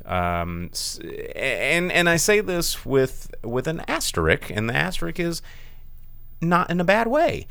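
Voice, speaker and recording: A low, smooth-voiced man talks through a film review in a loose, chatty way. He stumbles over restarts and fillers, then swings his pitch way up when he gets worked up. The sound is close and dry. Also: no room sound. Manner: animated, swooping pitch, many fillers and restarts. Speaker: film review podcast host. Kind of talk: casual film review chat.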